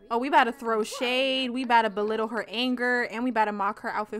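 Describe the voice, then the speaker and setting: Woman, twenties, high voice, excitable, slangy, swears a lot, casual gameplay commentary. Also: normal speed, soft background music. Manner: playful, excitable, slangy and profane. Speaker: gaming channel host. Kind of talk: casual let's-play commentary.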